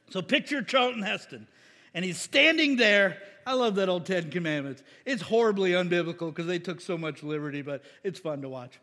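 A middle-aged male pastor preaching a sermon, energetic and playful, acting out voices and asking for amens. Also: high-pitched, moderate pace, big-room sound. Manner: energetic and playful, acts out voices, asks the crowd "Amen?".

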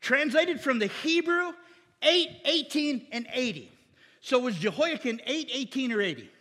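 A man preaching a sermon to a congregation, teaching from slides with quick jokes and asides. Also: extremely high pitch, expressive, bright, forceful tone, breathy edge, long reverb tail. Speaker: pastor.

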